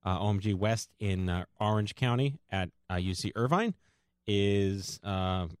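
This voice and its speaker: A man's voice: fairly low pitch, lively intonation, a little slow, clear, resonant tone, no echo, studio quality. A man hosting a podcast, chatty and joking, sometimes tripping over his words. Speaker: podcast host. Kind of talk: casual chat.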